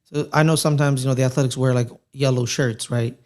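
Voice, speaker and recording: A man's voice: medium pitch, fairly even intonation, fast, darkish tone. A man chatting casually on a live watchalong stream, telling a long anecdote with lots of restarts and fillers. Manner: rambling storyteller, many restarts, puts on voices in anecdotes. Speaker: co-host. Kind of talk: casual chat during a watchalong.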